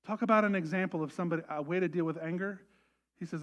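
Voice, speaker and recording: High-voiced animated male pastor preaching. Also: fast talker. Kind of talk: sermon. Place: church service.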